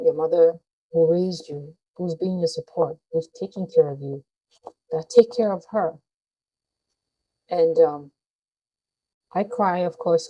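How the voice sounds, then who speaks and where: A woman's voice: on the low side, dark tone, slightly rough, poor audio. A woman vlogger speaking to her viewers in a heartfelt, earnest way. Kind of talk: personal talk to camera.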